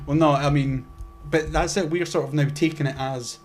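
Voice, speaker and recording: A man's voice: on the high side, fairly even intonation, moderate pace, faint music behind. A young man co-hosting a podcast, rambling in casual chat with fillers and easy swearing. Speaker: podcast co-host.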